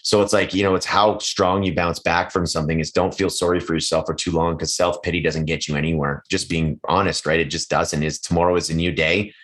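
A man's voice: low voice, little pitch movement, fairly quick, hardly any pauses, a bit bright. A middle-aged man speaking candidly as a podcast guest, swearing freely and acting out other people's voices as he tells stories. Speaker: podcast guest, real estate agent. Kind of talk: casual conversational interview.

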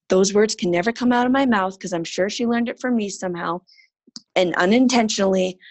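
Female guest, 30s, earnest animated storyteller, mid pitch, dry close mic. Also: no echo. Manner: earnest, animated storytelling with lively quoted voices. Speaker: podcast guest. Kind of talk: casual interview talk.

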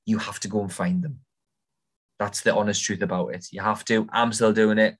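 Blunt young Englishman, lowish voice. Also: fairly even intonation, moderate pace. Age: young adult. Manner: blunt, cheeky, informal. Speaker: podcast host, property investor. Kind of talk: casual advice monologue.

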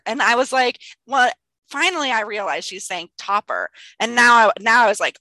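A woman who teaches young children online, telling classroom stories in casual chat over a video call and acting out the voices in a lively way. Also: on the high side, brisk, no room sound, poor audio. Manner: animated storyteller who acts out voices.

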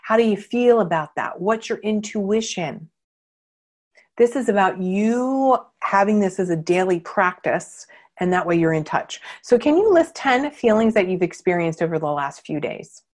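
A woman's voice: mid-range voice, expressive, moderate pace, a little mellow. A woman hosting a motivational podcast, talking casually with lots of fillers and acting out quoted thoughts. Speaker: podcast host and coach.

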